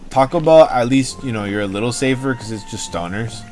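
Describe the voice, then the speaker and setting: A man's voice: mid-range voice, animated, fairly quick, a little mellow, soft background music. Rambling, joking young man streamer. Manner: rambling, joking, swears freely. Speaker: livestream host. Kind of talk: casual chat to stream chat.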